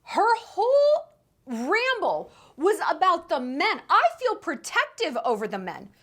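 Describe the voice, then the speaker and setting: A woman's voice: sits high, huge pitch swings, measured pace, bright, forceful tone. A woman in her thirties hosting a sarcastic commentary rant, incredulous and emphatic. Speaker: commentary YouTuber.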